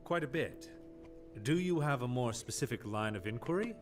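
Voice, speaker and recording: A polite, formal archive clerk voiced by a man in a mystery adventure game. He talks in a measured, courteous way. His voice sits at an ordinary pitch and sounds set back from the mic, with game music playing softly behind. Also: expressive, natural voice. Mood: calm, formal. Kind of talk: game voice acting. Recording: game audio from a distance with music.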